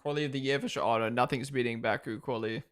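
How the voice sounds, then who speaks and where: Young male streamer, chatty watchalong host who reacts live and thanks chat, mid-pitch voice. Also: fairly even intonation, quick pace, a bit bright, clear, resonant tone. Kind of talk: casual live-stream commentary.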